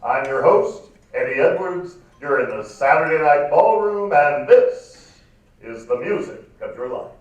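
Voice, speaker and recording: A smooth 1950s radio ballroom host, as a man puts him on in a live stage reading, drawing out every line in a silky baritone. The voice sits a touch high and carries a big hall's reverb, caught from a distant camera. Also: animated. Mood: showy, suave. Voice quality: baritone, silky announcer delivery. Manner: loud, drawn-out, showy announcing. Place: large performing arts hall. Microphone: far camera. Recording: echoey hall from far off.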